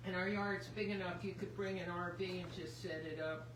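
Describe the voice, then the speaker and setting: A woman's voice: lowish voice, fairly even intonation, a little fast. Chatty woman with a Philadelphia accent. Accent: Philadelphia area. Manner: chatty, reads out comments, laughs easily. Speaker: craft video host reading viewer comments. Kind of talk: casual chat. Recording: roomy, distant mic, background noise.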